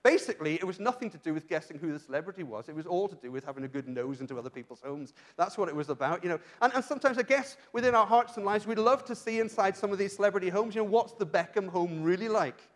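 A man's voice: high voice, fast talker, few pauses. A man from Britain preaching a church sermon, earnest and questioning, often restarting his sentences. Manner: earnest, asks rhetorical questions, frequent restarts. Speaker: pastor.

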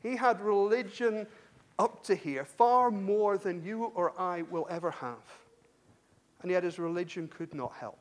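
Man, high voice, chatty sermon, repeats himself, self-deprecating asides. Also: a little slow. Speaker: preacher; university lecturer.

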